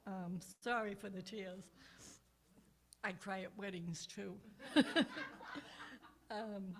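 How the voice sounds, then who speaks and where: Older woman minister, gravelly voice. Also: medium pitch, steady tone, takes it slowly. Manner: personal, anecdotal, with frequent restarts and soft asides. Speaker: guest minister. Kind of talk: conversational sermon storytelling. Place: church.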